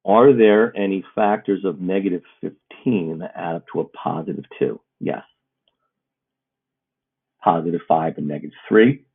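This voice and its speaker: Muffled, phone-like audio carries a man's deep, husky voice. He is teaching math in a recorded video, working through each problem with calm, methodical, step-by-step explanation.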